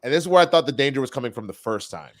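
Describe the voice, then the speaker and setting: A man in casual review chat, retelling scenes in an animated way, swearing freely and acting out the characters. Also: medium pitch, very fast. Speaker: TV episode reviewer.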